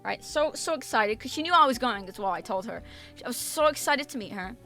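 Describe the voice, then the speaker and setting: A woman streamer telling a story in a casual chat, animated and emphatic, swearing freely and repeating herself. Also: a little high, a little fast, faint music behind. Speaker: VTuber streamer.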